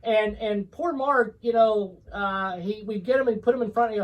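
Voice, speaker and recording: A man's voice: high-pitched, normal speed, rough recording. A man co-hosting a casual vlog chat, telling work stories with lots of ums and restarts. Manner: rambling, many fillers and restarts. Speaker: co-host.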